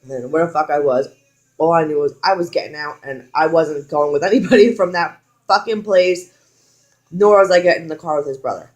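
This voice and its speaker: A woman's voice: deep voice, brisk, darkish tone. A young woman vlogger telling a personal story in casual storytime style, frank and full of swearing, acting out the quoted lines.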